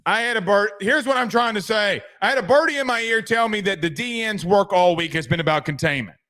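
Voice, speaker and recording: A man's voice: high voice, lively intonation, fairly quick, sharp tone. A man hosting a casual sports commentary show, rambling and joking. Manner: rambling, joking, trails off into asides.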